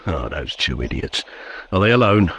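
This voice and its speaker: A man's voice: a bass voice, sing-song, normal speed, a bit bright, husky, heavily acted. An actor playing an impatient male police chief. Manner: impatient, exasperated.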